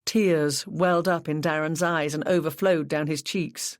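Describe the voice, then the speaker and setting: An audiobook narrator tells a cozy mystery in an even, measured way. The voice sits at a middle pitch. The recording is dry, with no room sound. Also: no room sound. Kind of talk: scripted narration.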